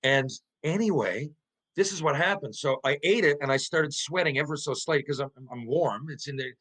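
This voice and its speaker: Speaking at normal speed over rough audio, a middle-aged man tells a casual anecdote as a podcast guest; he's a former pro hockey player. His delivery is lively and profane, full of stumbling restarts, with high-pitched voices for quoted lines.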